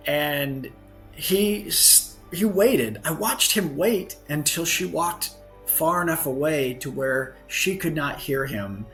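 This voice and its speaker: A guest author on a podcast tells a story earnestly, his fairly high, animated voice moving slowly with a fairly bright tone. He often corrects himself mid-sentence, and soft music plays in the background.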